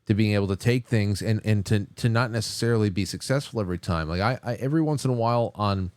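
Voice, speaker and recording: A man with a low voice who hosts a book discussion, stopping and starting as he works his thoughts out, repeating words along the way. The sound is dry and close. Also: a little mellow, dry recording. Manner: halting, repeats words as he thinks aloud. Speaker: podcast host.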